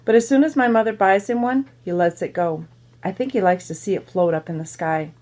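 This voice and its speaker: A woman teacher reading a children's novel aloud to her students, pausing to explain words and ask questions. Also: mid-range voice, a little mellow. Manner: pauses to explain to listeners.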